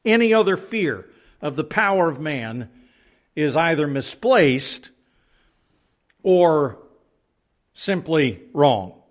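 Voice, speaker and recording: Fairly high-voiced man teaching scripture. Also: big pitch swings, slow, pauses often. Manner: unscripted, with frequent restarts and "uh", reading scripture aloud. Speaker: Bible teacher. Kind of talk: verse-by-verse Bible teaching.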